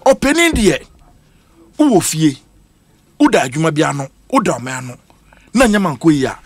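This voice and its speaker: In a dry-sounding recording from a radio studio, a man with a Ghanaian accent speaks emphatically during a heated panel discussion. His voice is fairly high and slightly rough, and he switches between English and Twi.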